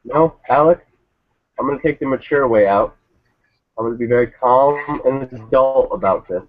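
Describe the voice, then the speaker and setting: A man's voice: medium pitch, normal speed, no room sound. A man on a casual review panel, ranting with profanity and sarcasm. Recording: tinny phone-like line, dry.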